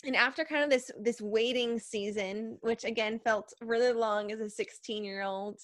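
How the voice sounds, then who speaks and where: A woman guest on a faith podcast, telling her story in a lively way, acting out her past thoughts and often asking 'right?'. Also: on the high side, normal speed, no echo, clean studio sound. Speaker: podcast guest, preacher and speaker.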